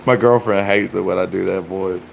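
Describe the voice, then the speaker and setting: A man's voice: low voice, steady tone, normal speed, vocal fry, lo-fi sound, slight background noise. A man livestreaming, chatting casually and joking profanely with his viewers.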